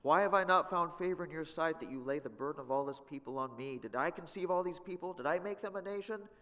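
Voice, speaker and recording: A man's voice: a little high, fast talker, a bit bright, voice pushed up, close to an everyday voice. A man voicing a frustrated leader pleading about the people in his charge. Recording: long reverb of a church hall.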